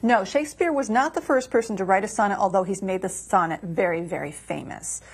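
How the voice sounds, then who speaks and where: A woman's voice: mid-range voice, fairly quick, breathy edge. A woman poet on a community TV show, reading her poem aloud and patiently explaining verse form in a studio. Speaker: poet and guest author.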